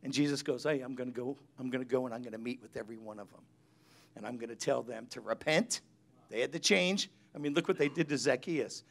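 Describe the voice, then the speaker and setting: A man's voice: medium pitch, fast, creaky, fairly bright tone. A middle-aged pastor, preaching a chatty sermon and acting out the people he quotes. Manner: chatty storytelling, acts out quotes.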